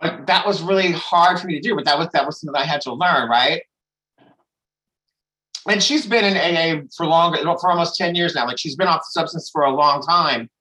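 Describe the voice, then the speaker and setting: A man's voice: on the high side, a little fast, pushed and bright, rough recording. A man sharing candidly at a recovery meeting, rambling with restarts and frequent swearing. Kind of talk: candid personal share.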